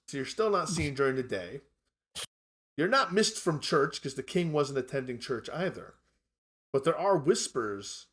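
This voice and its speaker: A man running a tabletop role-playing game as game master, calling for dice rolls and describing scenes in a measured way. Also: mid-range voice, fairly bright tone.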